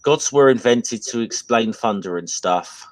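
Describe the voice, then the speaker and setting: A man's voice: mid-range voice, animated, a little slow, no echo, rough recording. A British man in casual chat, reading comments aloud in an easygoing way. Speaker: guest.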